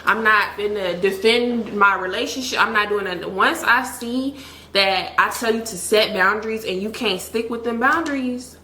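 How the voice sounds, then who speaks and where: A woman's voice: mid-range voice, moderate pace, bright, forceful tone. A young adult woman telling a candid storytime, blunt and chatty, with frequent "like". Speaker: vlogger. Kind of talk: storytime vlog. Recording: echoey room.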